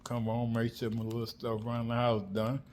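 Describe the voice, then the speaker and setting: A middle-aged man from South Florida telling family stories in an animated, slangy vlog monologue, acting out the people he quotes. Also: medium pitch, brisk. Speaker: vlogger. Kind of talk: casual storytelling monologue. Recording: faint background noise.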